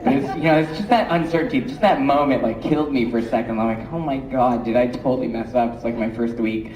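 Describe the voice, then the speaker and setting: A young man, an actor on a convention panel, telling an excitable story about his first week on set. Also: medium pitch, quick pace, distant mic, a little hiss or hum. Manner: animated storytelling with laughs. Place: large convention hall. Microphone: handheld mic. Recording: echoey hall, mic from afar.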